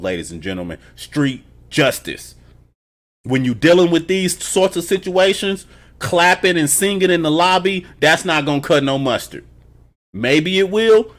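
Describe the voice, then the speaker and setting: Animated, profane man reviewing TV. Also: on the high side, moderate pace. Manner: laughs between remarks. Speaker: TV episode reviewer. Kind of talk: casual reaction review.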